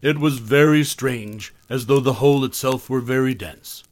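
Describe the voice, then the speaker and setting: A man narrating a first-person horror story in a measured, scripted way, his phrases often trailing off softly. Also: mid-range voice, no echo.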